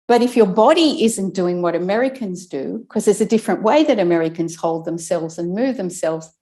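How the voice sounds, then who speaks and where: A woman with a mellow, warm tone explains breathing and speaking technique as an interview guest. She talks in a relaxed, explanatory way, demonstrating pauses and stress as she goes. Her phrases often break off and restart mid-thought. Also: mid-range voice. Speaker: guest, speech and accent coach. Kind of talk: conversational interview.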